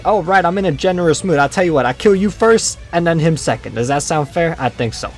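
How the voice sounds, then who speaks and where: A man's voice: on the high side, lively intonation, fast talker, hardly any pauses, soft background music. Goofy young man joking over gameplay. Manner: joking, goofy, slangy trash talk. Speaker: gaming video creator. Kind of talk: comedic gameplay commentary.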